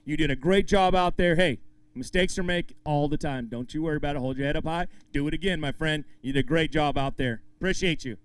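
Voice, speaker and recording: A man's voice: fairly high pitch, fairly quick, clean tone, no echo. A man emceeing a live fishing tournament weigh-in outdoors, hyping up the crowd and the anglers as he calls out weights. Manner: upbeat, hypes up the crowd and anglers.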